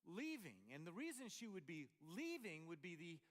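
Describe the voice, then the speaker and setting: A man's voice: sits high, big pitch swings, moderate pace, fairly bright tone. An older man from Montana preaching a sermon, explaining scripture in a conversational, storytelling way with asides. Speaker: pastor.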